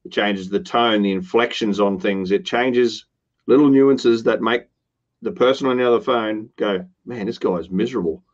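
A man's voice: fairly low pitch, fairly even intonation, normal speed. Earnest man on a lo-fi line. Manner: earnest, with upbeat quoted asides. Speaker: podcast co-host. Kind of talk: casual business chat.

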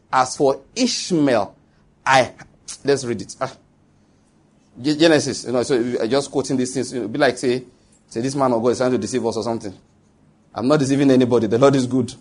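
A man's voice: a little high, darkish tone. A middle-aged Nigerian man, a pastor preaching a sermon with emphasis and quizzing his congregation. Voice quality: husky.

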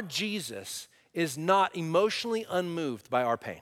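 Higher-voiced male pastor, conversational preacher who swings between loud emphasis and quiet; reverberant church hall. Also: sing-song, unhurried, hardly any pauses. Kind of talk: sermon.

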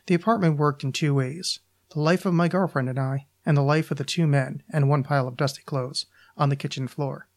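A man, a podcast host, reading his own short story aloud in a deliberate, deadpan manner. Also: on the high side.

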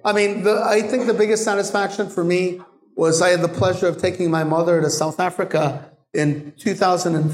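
Lively high-voiced man telling stories. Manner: animated storyteller, laughs often. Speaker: guest bartender. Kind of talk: live Q&A storytelling. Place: bar venue with audience. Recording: echoey live venue.

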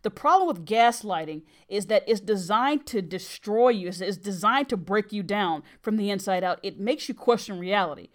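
A woman's voice: mid-range voice, animated, moderate pace, hardly any pauses. A middle-aged woman hosting a podcast, telling a personal story in an earnest, emphatic way. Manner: earnest and emphatic, with brief laughs.

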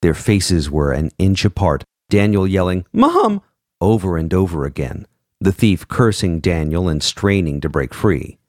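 Deep-voiced man narrating an audiobook. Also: no room sound, studio quality. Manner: measured and expressive, voicing every character.

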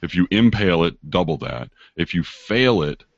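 A man with an extremely deep, gravelly voice runs a tabletop game over voice chat. He rambles through rulings with plenty of ums and restarts. The sound is dry and dull, like a lo-fi online call. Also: expressive, moderate pace, no room sound. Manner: rambling, explains rules with many fillers. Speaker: game master.

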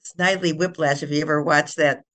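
An older woman, a children's author and guest, retelling her book's plot in a casual, animated way with laughs. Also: sits low, fairly quick. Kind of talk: casual storytelling interview.

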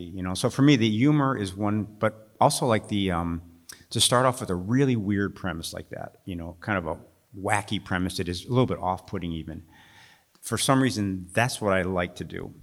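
Wry, chuckling male author, low voice. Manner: wry, chuckling, with halting restarts when talking freely. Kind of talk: reading fiction aloud at a live festival event, then discussing. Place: festival stage.

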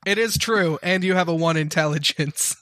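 A man runs a tabletop game, narrating in a loose, filler-heavy way. His voice is slightly high and bright, and the recording is dry and close. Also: moderate pace, no room sound. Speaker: game master.

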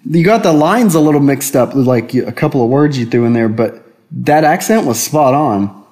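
A man's voice: medium pitch, moderate pace. A man co-hosting a goofy casual podcast, joking and mocking himself. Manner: jokey, self-mocking, lively. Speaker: podcast co-host.

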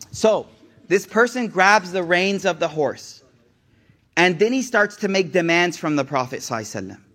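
High-voiced young man preaching. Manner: animated, digressive storyteller who talks straight to the audience. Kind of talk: casual sermon.

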